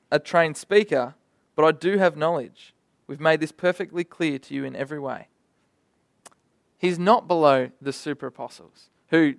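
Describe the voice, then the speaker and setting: A young man delivers a sermon in an animated, conversational manner, dropping in vivid asides. His voice sits a little high for a man. The sound is close and dry, with almost no room around it. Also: dry recording. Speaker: preacher.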